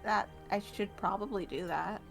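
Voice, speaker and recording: A woman's voice: mid-range voice, moderate pace, gravelly, over music. A woman chatting as a player in an online tabletop game, in a playful, giggly way. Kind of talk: casual chat in a tabletop game.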